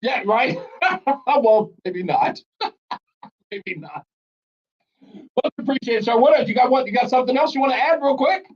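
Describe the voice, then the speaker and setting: A middle-aged man hosting a call-in talk radio show, chatty and quick to laugh as he banters with callers. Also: very high voice, lively intonation, muffled recording. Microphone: studio broadcast mic.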